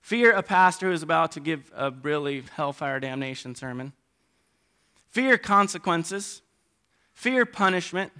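A middle-aged man preaching a sermon, animated, swinging between loud emphasis and quiet asides. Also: fairly high pitch, a little slow, clean tone.

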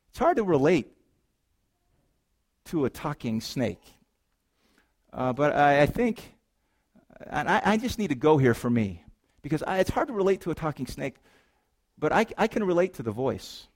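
Animated man preaching a sermon. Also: on the high side, moderate pace. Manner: animated, rhetorical questions to the congregation; reads scripture aloud, then riffs with playful asides. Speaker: pastor.

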